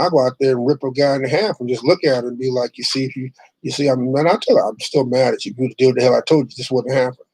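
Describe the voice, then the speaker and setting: A man's voice: medium pitch, a little mellow, slightly rough, no room sound, low-quality recording. A middle-aged man hosting his own online show, ranting bluntly and profanely, rambling with restarts. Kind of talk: casual ranting monologue.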